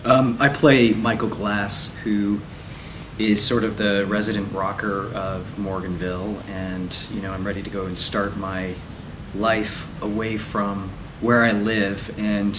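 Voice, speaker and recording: A male actor chatting in a relaxed, laid-back way during a press interview. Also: on the low side, unhurried. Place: busy convention venue. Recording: noisy convention hall.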